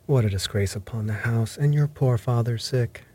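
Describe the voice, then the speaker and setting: A man reading aloud voices a flustered, fretful innkeeper's wife who laments out loud. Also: medium pitch, moderate pace, husky, natural voice. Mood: distressed. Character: flustered innkeeper's wife, middle-aged woman.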